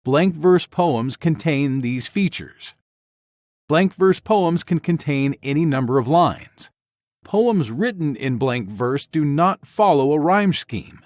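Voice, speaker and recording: A man giving scripted educational narration in a slow, measured, evenly paced delivery. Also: a little high, expressive, a little mellow, dry recording, studio quality.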